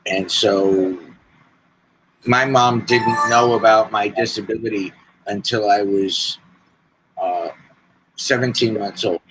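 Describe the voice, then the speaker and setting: A man in his sixties telling his life story as a podcast guest, slow and deliberate with pauses. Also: lowish voice, fairly even intonation, a bit bright, a little hiss or hum, poor audio. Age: 60s. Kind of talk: personal storytelling.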